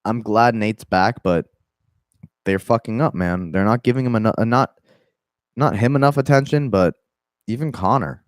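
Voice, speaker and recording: A young man with a Southern accent talks casually about fighting news, in loose, profane bursts full of restarts and asides. His voice sits low, and the recording is dry and close. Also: moderate pace, pauses often, no echo. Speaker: MMA podcast host. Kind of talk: casual commentary.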